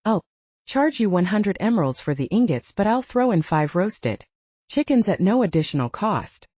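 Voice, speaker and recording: A woman's voice: medium pitch, big pitch swings, moderate pace, warm tone, slightly rough, no echo, lo-fi sound. A woman voicing an overly cheerful, sing-song male wandering trader who speaks formally. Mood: cheery. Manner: sing-song, much too happy, formal.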